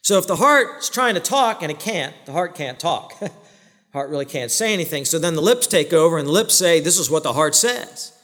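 A man's voice: a little high, expressive, a little fast, fairly bright tone. A man preaching a sermon as the pastor, emphatic, throwing questions at the congregation and answering them himself. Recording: long reverb of a large hall.

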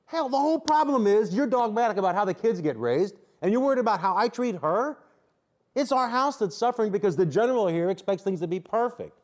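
A man's voice: high voice, animated, a little fast, a little mellow. A man playing a frustrated, defensive husband in a marriage counseling role-play, arguing and interrupting. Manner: argumentative, interrupts, voice rises and drops.

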